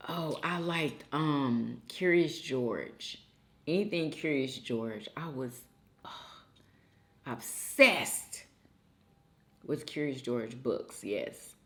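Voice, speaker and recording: A woman hosting a casual couples chat, expressive and teasing. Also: extremely low pitch, very slow. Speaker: host.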